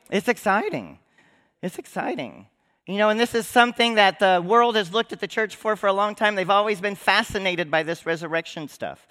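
Bright-voiced preacher with a lilt. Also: male voice, sits high. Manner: conversational preaching, asks the congregation questions. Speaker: pastor. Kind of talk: Easter sermon. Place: church sanctuary.

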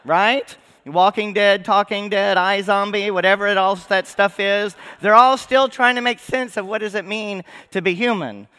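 Bright-voiced preacher with a lilt. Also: male voice, sits high, normal speed, clear, resonant tone. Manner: conversational preaching, asks the congregation questions. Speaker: pastor. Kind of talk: Easter sermon. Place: church sanctuary.

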